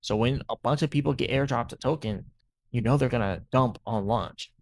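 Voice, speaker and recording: A man's voice: medium pitch, normal speed, darkish tone, no echo. A man hosting a crypto channel, talking through market moves in a rambling, casual way and often tossing in "right?".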